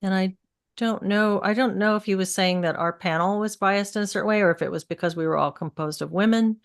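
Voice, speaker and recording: A woman hosting a casual panel chat and reading out viewer comments, thinking aloud with halting restarts. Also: medium pitch.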